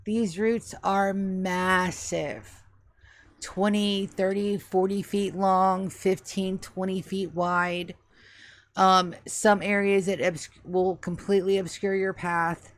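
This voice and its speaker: A woman narrating as game master of a tabletop game, describing scenes in an unhurried way with fillers. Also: mid-range voice, little pitch movement.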